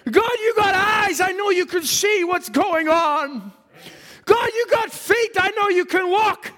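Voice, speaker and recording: A man's voice: sits high, normal speed, vocal fry, pitched below the performer's own voice. Figure: a preacher acting out a desperate man hollering prayers. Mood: desperate pleading. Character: anguished praying middle-aged man, desperate.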